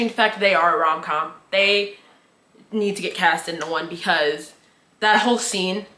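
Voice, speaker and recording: A young woman talks through a reality show recap in a chatty, opinionated way, leaning on slang and plenty of "like". Her voice is bright and sits mid-range. The room around her is noticeably echoey. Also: medium pitch. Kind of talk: casual recap commentary.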